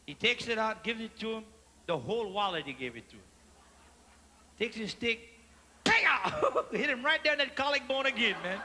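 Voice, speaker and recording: A Cajun man performs stand-up comedy live on a theater stage, telling his jokes in a loud, animated way and acting out the people in them. His voice sits very high and sounds sharp and forceful. The long reverb of a large theater hall hangs behind him. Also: normal speed, pauses often. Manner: loud and animated, acts out characters in the story.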